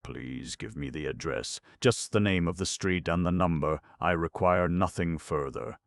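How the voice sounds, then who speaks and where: A man's voice: deep voice, a little slow, no room sound, clean studio sound. A man voicing an impatient, businesslike young man who insists curtly.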